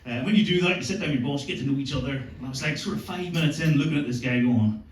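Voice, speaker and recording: A stand-up comedian in his forties races through his set in a medium-pitched voice, telling profane, swaggering stories about his family. The comedy club stage sounds roomy, with a distant mic and audience noise.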